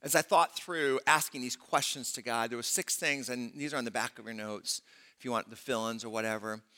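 A man preaching a sermon to a congregation, animated and conversational, acting out scripture dialogues. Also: mid-range voice, brisk, big-room sound. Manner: animated preaching, voicing prophet and God in dialogue. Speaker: pastor.

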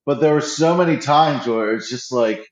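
A man's voice: medium pitch, moderate pace. A man chatting casually and eagerly about a TV show, stumbling and restarting often. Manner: enthusiastic, restarts often, acts out quotes. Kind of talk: casual pop-culture chat. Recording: roomy, slightly dull audio.

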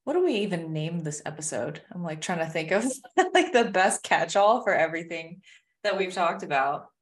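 A woman co-hosting a casual podcast chat, musing aloud with a soft laugh. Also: on the low side, sing-song, moderate pace, distant mic. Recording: set back from the mic.

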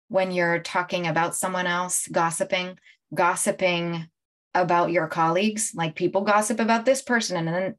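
A middle-aged woman coach talking casually on a livestream, animated and often laughing as she tells stories to viewers. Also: fairly low pitch. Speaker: life coach hosting a livestream. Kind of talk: casual live-stream talk to viewers.

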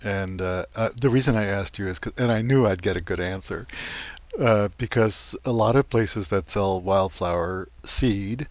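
A man with a New Jersey accent hosting a gardening radio show and interviewing a guest in a halting, conversational way. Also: on the low side, no room sound, highs cut off.

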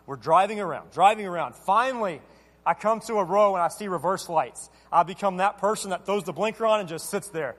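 High-voiced preacher in a reverberant hall. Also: male voice, brisk. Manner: animated, self-deprecating storyteller acting out dialogue. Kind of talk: storytelling sermon. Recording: long reverb of a large hall.

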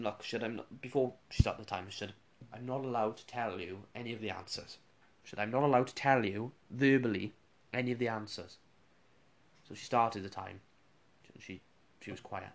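Rambling man telling stories. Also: medium pitch. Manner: rambling storyteller with frequent restarts and chuckles. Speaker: radio presenter. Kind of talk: casual anecdotal chat.

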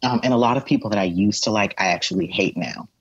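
Male podcast co-host, husky and casual, animated recapper; dry, slightly muffled sound. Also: on the low side, fast, no echo. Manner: animated storyteller who acts out characters' voices.

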